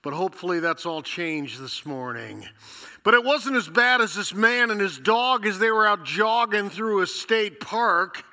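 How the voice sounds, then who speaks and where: A bright, fairly high-voiced man preaching in a church sanctuary, talking easily and posing questions to the room. He is getting over a cold, and his voice carries a long reverb from the hall. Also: expressive, a little slow. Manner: conversational, storytelling with rhetorical questions. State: recovering from a cold. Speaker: pastor. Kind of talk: sermon.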